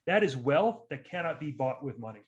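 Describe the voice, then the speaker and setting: A man co-hosting a podcast in casual chat, making an emphatic, drawn-out argument with repeated phrases. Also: medium pitch, very animated, muffled recording.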